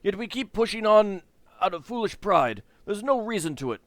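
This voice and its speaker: A man puts on a bitter old man ranting in despair, his voice pushed high and loud, swinging wildly in pitch. He sounds scornful and shouting, caught close and dry. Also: big pitch swings, moderate pace, no room sound.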